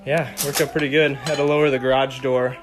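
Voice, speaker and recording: A man explaining his boat restoration in a relaxed, halting way with plenty of fillers, recorded on a phone in his home garage. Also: mid-range voice, noisy background. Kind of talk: casual how-to narration. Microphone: phone camera.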